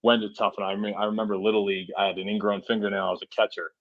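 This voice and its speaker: Rapid-fire and level in tone, his voice sits on the low side. He's in his forties, hails from Massachusetts and drives trucks, telling casual, rambling stories as a podcast guest with lots of "you know" and "right?". No room sound is present, and the highs are cut off.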